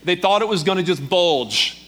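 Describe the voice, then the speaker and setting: A male preacher tells a story from the pulpit with animated, dramatic delivery. His voice sits a bit high for a man. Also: normal speed. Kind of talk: sermon storytelling.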